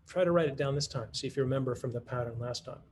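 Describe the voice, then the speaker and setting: A man's voice: mid-range voice, quick pace, a little mellow, a little hiss or hum. Teacherly man presenting a math lesson. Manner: teacherly, thinks aloud with restarts and rhetorical questions. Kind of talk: conference talk modeling a classroom lesson.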